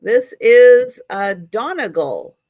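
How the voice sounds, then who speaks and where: A woman's voice: fairly high pitch, sing-song, slow pace, a little mellow, no echo. A woman hosting a live online auction, chatty and laughing at her own slips. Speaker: live sale host.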